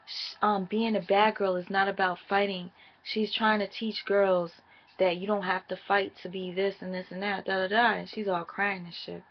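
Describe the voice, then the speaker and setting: A woman's voice: mid-range voice, flat delivery, moderate pace, dull audio. A woman chatting casually and profanely as she recaps a reality show for her viewers.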